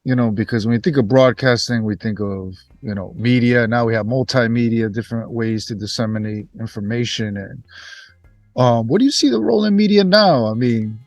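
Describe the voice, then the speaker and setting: A man hosting a podcast, asking reflective questions in a measured way. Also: medium pitch, no room sound. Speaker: podcast host. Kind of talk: interview questions.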